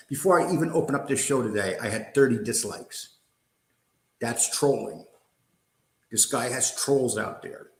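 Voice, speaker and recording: On his livestream, an older host in a creaky, medium-pitched voice delivers an angry rant full of profanity, combativeness, and mockery. The recording has a roomy echo.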